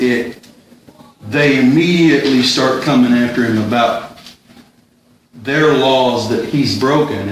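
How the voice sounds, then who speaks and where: A man leading a Bible study, explaining a passage in a thoughtful, halting way and often repeating words as he gathers his thoughts. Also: mid-range voice, slight background noise. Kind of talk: informal Bible study teaching. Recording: very echoey room, distant mic, faint ambience.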